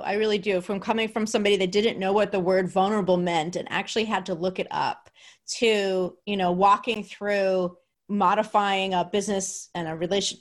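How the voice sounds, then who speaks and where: A woman hosting a podcast, chatting enthusiastically with many fillers and restarts. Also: mid-range voice. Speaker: podcast host. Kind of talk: casual podcast chat.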